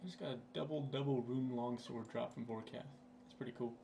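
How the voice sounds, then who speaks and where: A man's voice: medium pitch, fairly even intonation, a little fast, gravelly, mellow, a little hiss or hum. A young man giving casual, rambling commentary over his gameplay, with plenty of fillers, recorded at his computer. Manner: laid-back, rambling, with frequent fillers. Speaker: gaming channel host.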